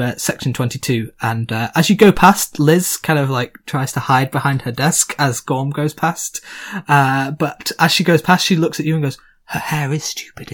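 Hesitant husky-voiced male game master. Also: mid-range voice, fairly bright tone. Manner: hesitant, many fillers. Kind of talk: narrating a tabletop game.

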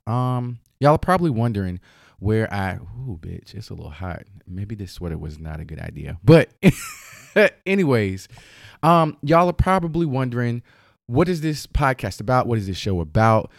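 Chatty, profane Southern podcast host. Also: male voice, lowish voice, vocal fry, dry recording, studio quality. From Southern United States. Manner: chatty, profane, slangy and playful. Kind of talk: casual solo podcast chat. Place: at home.

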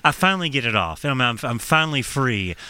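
A man casually telling a profane, animated story on a podcast, laughing as he goes. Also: medium pitch, fast, smooth, dry recording.

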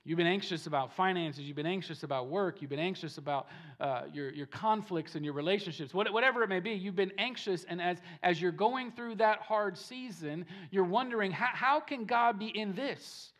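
A man preaching a sermon with plenty of emphasis. He returns to key phrases again and again and drops his voice low before building back up. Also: fairly quick, hardly any pauses. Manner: emphatic, repeats phrases, swings from soft to loud. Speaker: pastor. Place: church service.

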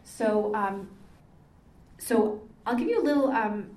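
A woman's voice: medium pitch, lively intonation, slow, a little mellow. An older woman, a Catholic sister, giving a conversational talk full of stories and frequent ums. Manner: chatty, storytelling, frequent ums. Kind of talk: conversational lecture with anecdotes. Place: meeting hall. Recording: echoey hall, mic far off.

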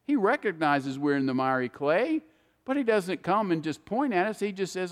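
A man's voice: high voice, big pitch swings, fairly quick, long reverb tail. A man preaching a sermon, earnest and speaking straight to his listeners. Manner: earnest, addresses listeners directly by name.

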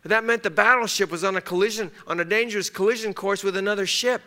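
A man delivers a sermon from the pulpit, his voice pitched high and ringing with a bright, forceful edge. He drives each point home by repeating it and acts out quoted lines within his stories. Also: quick pace. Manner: emphatic, repeats key phrases, acts out quotes in story. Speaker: pastor.

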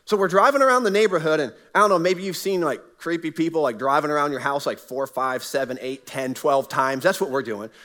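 A middle-aged male pastor preaching in a church, slipping into a personal story with an earnest, conversational manner. His voice sits a little higher than most men's. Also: brisk, few pauses, a bit bright. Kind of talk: sermon. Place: church sanctuary.

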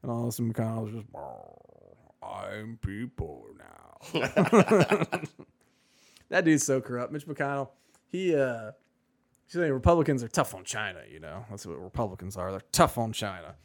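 A man's voice: medium pitch, lively intonation, a little fast. A man co-hosting a podcast in casual chat, rambling and sarcastic with many fillers. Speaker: podcast co-host.

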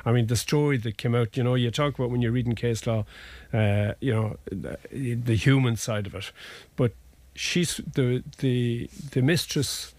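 A man's voice: mid-range voice, moderate pace, darkish tone, no echo. A man, a family law solicitor, explaining cases in a rambling, anecdotal way during a conversational interview.

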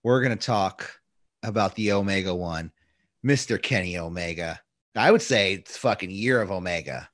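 A man's voice: sits low, moderate pace, fairly bright tone, dry recording, clean studio sound. A man hosting a casual podcast chat, loose and profane, often slipping into mock voices. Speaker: podcast host.

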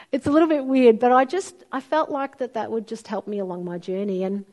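Her pitch runs a little high and her speed is normal as this middle-aged woman delivers a sermon. She tells stories expressively, performing the quoted voices as she goes.

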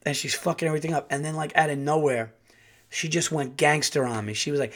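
A man hosting a podcast, telling a rambling, profane, animated story in a casual way. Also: fairly high pitch, fast talker. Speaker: podcast host and comedian.

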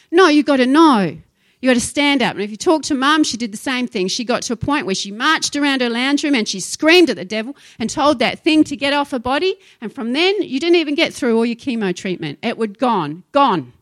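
A woman's voice: on the high side, expressive, fairly quick, no echo. A woman pastor preaching a sermon, emphatic and impassioned, telling stories to her congregation.

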